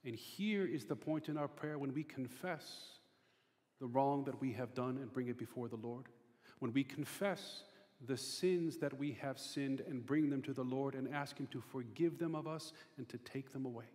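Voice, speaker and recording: A man's voice: medium pitch, moderate pace, darkish tone. A male pastor preaching a sermon with an emphatic, repetitive cadence. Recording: long reverb of a large hall.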